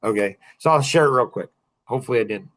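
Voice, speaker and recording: A man telling a rambling, emotional personal story on a podcast, getting louder and higher when he makes a point. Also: lively intonation, fast. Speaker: podcast guest.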